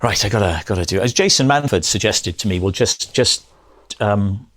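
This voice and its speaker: A man's voice: on the low side, animated, normal speed, a bit bright. A middle-aged male comedian chatting as a podcast guest, telling rambling anecdotes and correcting himself often. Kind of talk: casual podcast chat.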